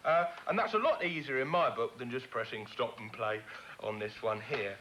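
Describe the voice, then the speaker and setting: A man's voice: medium pitch, moderate pace, highs cut off, a little hiss or hum. A man from the UK, hosting a comedy gaming show and presenting in a playful, silly way. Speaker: comic host. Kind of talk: comedy puppet sitcom.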